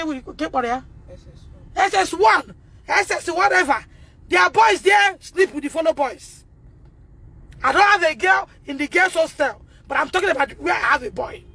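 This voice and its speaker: A Nigerian mother in a self-recorded phone video, talking in a distressed, pleading way, repeating herself and breaking into shouts. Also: extremely high pitch, expressive, moderate pace, gravelly.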